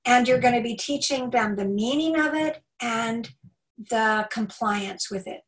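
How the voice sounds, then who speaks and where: A woman giving a live talk to parents, animated and emphatic, acting out little quoted remarks. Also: on the high side, a little slow, recorded from a distance, low-quality recording. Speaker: homeschool workshop speaker.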